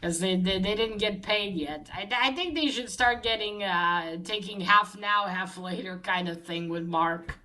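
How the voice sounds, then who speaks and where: A woman casually recapping a comic book plot, halting with many fillers and restarts. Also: medium pitch, sharp tone, rough recording.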